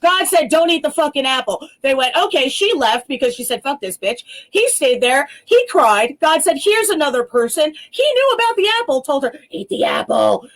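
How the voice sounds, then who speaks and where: Female talk host, high and expressive, blunt and profane with acted-out quotes. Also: normal speed, hardly any pauses. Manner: blunt, profane, fired-up ranting; animated storytelling with acted-out quotes. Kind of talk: casual chat.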